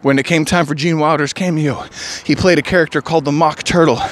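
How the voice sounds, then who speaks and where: A man vlogging solo in a loose, digressive monologue. His voice sits a little high for a man, and he sighs now and then as he muses aloud. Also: steady tone, quick pace. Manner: musing, digressive, sighs often.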